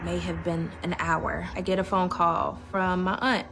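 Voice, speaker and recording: A young woman recounting events in a measured, earnest way as an interviewee in a true crime documentary. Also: fairly low pitch, flat delivery, vocal fry, noisy background. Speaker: interviewee, victim's daughter.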